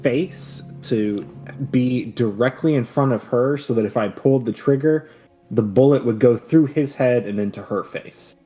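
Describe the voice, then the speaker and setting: A man's voice: mid-range voice, measured pace, warm tone, breathy edge, faint music behind. A man playing a tabletop game in casual, joking talk with some swearing. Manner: joking, profane. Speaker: player.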